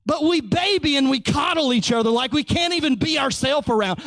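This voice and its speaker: A man preaching a conversational sermon, joking, teasing and telling animated stories. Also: very high-pitched, brisk, dry recording.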